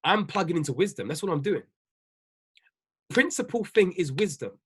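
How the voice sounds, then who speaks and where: Husky, animated coach preaching. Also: male voice, high voice, moderate pace. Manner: preachy, repetitive, emphatic, laughs often. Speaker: business coach. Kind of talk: livestream motivational talk.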